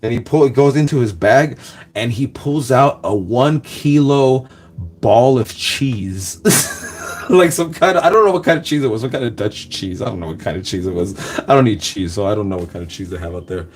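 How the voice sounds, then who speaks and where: A man's voice: mid-range voice, normal speed, a little mellow. Rambling young man telling a story. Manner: loose and laughing, full of "like" and "guys".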